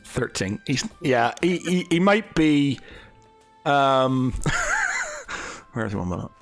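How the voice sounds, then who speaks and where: A man's voice: fairly high pitch, wildly swooping pitch, slow, a bit bright, faint music behind. Hesitant man running a tabletop game. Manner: hesitant, full of fillers and restarts. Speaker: game master.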